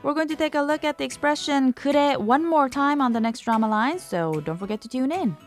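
A woman's voice: high-pitched, quick pace, faint music behind. A woman hosting a language lesson, reading a scripted explanation and demonstrating intonation with example phrases. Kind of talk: scripted radio-style lesson narration.

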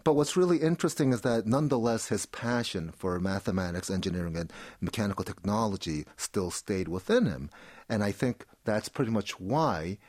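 Brief: lower-voiced male guest, dry close sound, explanatory and chatty with restarts. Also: animated, a little fast, a little mellow, dry recording. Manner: keeps checking in with "right?", many fillers and restarts. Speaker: art commentator guest. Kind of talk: explanatory interview talk. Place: studio in Seoul.

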